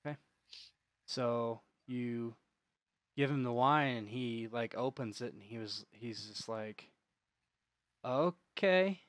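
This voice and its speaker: A man's voice: medium pitch, flat delivery, slow, fairly bright tone, dry recording. A man narrating as game master of an online tabletop game, talking with many fillers and restarts.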